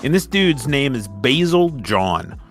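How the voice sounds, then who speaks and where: A man's voice: medium pitch, big pitch swings, takes it slowly, soft background music. A man co-hosting a casual podcast, laid-back, swearing often and laughing along. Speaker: podcast co-host. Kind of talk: casual chat.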